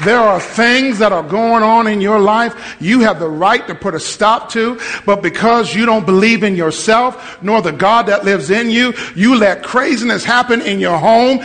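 A man preaching a sermon to a live congregation, telling stories and leading call-and-response, rising to shouts at his peaks. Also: high voice, moderate pace, few pauses, some chatter behind. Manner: storytelling, builds to shouting. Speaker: pastor. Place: church hall with live congregation. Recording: long hall reverb.

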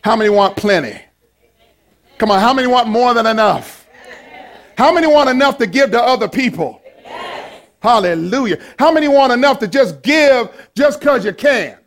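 High-voiced, lively man preaching. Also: moderate pace. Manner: animated, playful preaching with call-and-response. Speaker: pastor. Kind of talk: sermon.

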